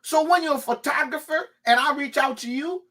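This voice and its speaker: A man hosting a podcast in casual chat, animated and emphatic, swearing and repeating words when he gets worked up. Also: very high-pitched, a little fast. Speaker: podcast host.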